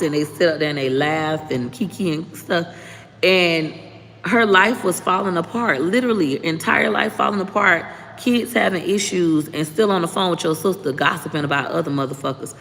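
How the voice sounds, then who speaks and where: A woman, hosting a casual livestream. She talks in a frank, profane, animated way, like telling stories to friends. Her voice carries a long reverb with faint noise behind it. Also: sits low, normal speed. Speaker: livestream host giving life advice.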